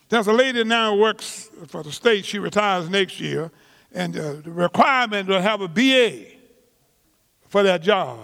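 A man preaching a sermon slowly and emphatically, stretching key words and repeating phrases, with casual everyday grammar. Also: high-pitched, fairly bright tone, big-room sound. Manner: slow, emphatic preaching with drawn-out words and repetitions; colloquial vernacular grammar. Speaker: pastor.

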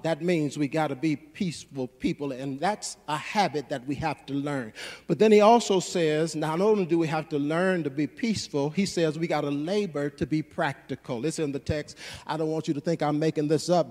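High-voiced preacher in a reverberant church. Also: male voice, a little slow, a little mellow. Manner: call-and-response preaching, rising to fervent exhortation. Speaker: pastor. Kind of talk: sermon. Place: church sanctuary. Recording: long reverb of a church sanctuary.

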